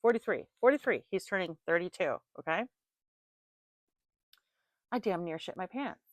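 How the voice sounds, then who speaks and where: A middle-aged woman with a lowish voice does a casual tarot reading and drifts into rambling stories. She talks in a chatty, animated way and laughs often. The sound is close and dry, with no room echo. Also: unhurried. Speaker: tarot reader.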